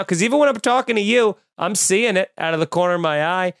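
A man hosting a podcast, going on an animated, exasperated comedic rant full of cursing. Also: sits high, fast, vocal fry, no echo, clean studio sound. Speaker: podcast host. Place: room at home with windows open.

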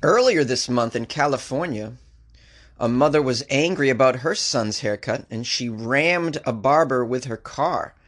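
A man's voice: mid-range voice, a little slow, fairly bright tone. A man who is a comedian, hosting a daily weird-news podcast with wry jokey asides between stories. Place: recording in Los Angeles.

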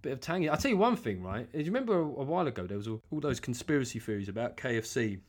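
A man hosting a comic podcast monologue, animated and sweary, with self-mocking asides. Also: medium pitch, rapid-fire. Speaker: comedian podcast host.

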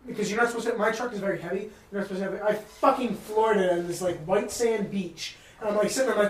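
A man's voice: sits high, rapid-fire, few pauses, distant mic, slight background noise. A man from New England hosting a podcast, telling a trip story in casual chat, rambling and swearing freely. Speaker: podcast host. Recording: roomy sound from off-mic.

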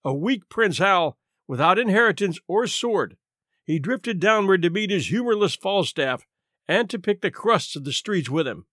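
Male narrator, animated theatrical reading, fairly high voice, dry close studio sound. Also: normal speed, no room sound. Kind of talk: scripted narration.

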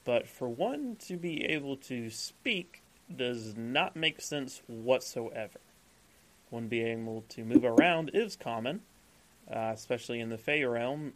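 A game master describing the scene to his players. He is a man with a medium-pitched voice and a loose, relaxed narrating manner. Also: poor audio.

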